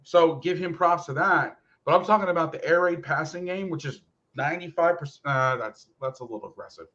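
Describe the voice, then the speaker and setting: A man rants about football coaching with heated, profane energy. His voice sits a little high for a man. The recording is dull and lo-fi. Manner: animated, profane, fast ranting. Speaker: football podcast host and coach. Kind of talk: casual rant. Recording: lo-fi muffled audio.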